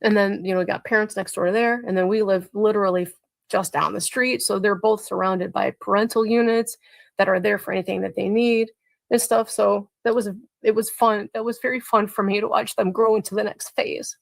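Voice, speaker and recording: A woman, a mother being interviewed on a live stream, speaks haltingly with frequent restarts and trailing phrases. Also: medium pitch, fairly even intonation, vocal fry, no room sound. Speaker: guest, mother in a crash case.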